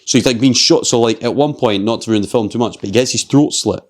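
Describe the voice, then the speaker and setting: A man with a Scottish accent hosting a podcast, retelling a film in an animated, rambling way with lots of swearing and fillers. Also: medium pitch, quick pace, slight background noise. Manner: animated storyteller, swears freely, heavy use of "like". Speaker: podcast host. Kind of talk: casual chat.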